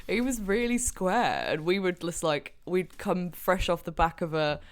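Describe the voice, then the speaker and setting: Chatty podcast player with a lively voice. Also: medium pitch, unhurried. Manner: chatty, laughing as they recall. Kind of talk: casual podcast chat.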